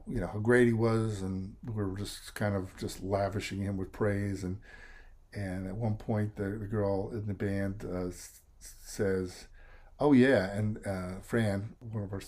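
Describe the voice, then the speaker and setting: A man's voice: fairly low pitch, mellow. A middle-aged American man, a songwriter and singer, telling rambling stories in a casual interview and quoting others along the way. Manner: rambling storyteller, quotes others in voices, emotional at times. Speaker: songwriter and lead singer, guest.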